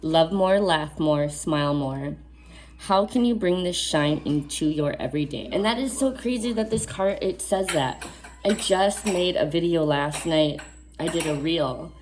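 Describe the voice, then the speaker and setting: A woman's voice: low voice, measured pace, darkish tone. A woman giving a spiritual oracle card reading to camera. She reads the card text aloud, then adds earnest, casual asides and repeats key phrases for emphasis.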